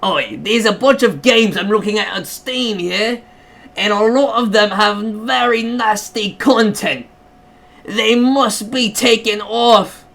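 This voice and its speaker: A man putting on a pushy, complaining woman caller with a mock British accent, speaking loudly and demanding things be taken down. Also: sits high, slow, gravelly, pitched above the performer's own voice, full character voice. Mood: indignant. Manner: loud, indignant, demanding.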